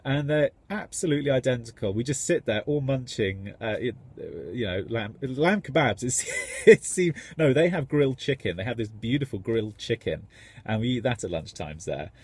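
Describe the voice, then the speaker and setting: A man's voice: mid-range voice, lively intonation, moderate pace, a little mellow, slightly rough. A man, a tradesman, rambling enthusiastically in a casual vlog. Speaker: tradesman contractor.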